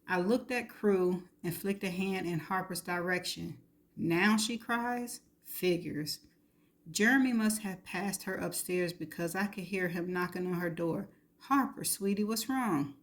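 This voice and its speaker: A woman reading a novel aloud in the first person, steady and intimate. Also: lowish voice. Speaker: reader.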